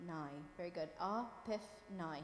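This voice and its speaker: A woman with a fairly low voice, speaking at a normal speed, teaches a language class. She reads words aloud and patiently checks that her students follow, encouraging them often. The room has a long, echoing reverb and faint background noise.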